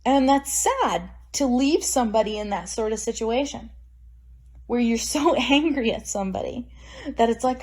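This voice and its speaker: Bitter, emphatic woman vlogger, high voice. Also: expressive, moderate pace, darkish tone. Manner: bitter, laughs wryly, raw and emphatic. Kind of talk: emotional personal vlog monologue.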